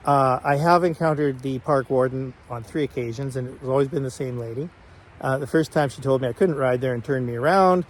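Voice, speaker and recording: An older man vlogging casually, retelling a personal story in a chatty, animated way. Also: mid-range voice.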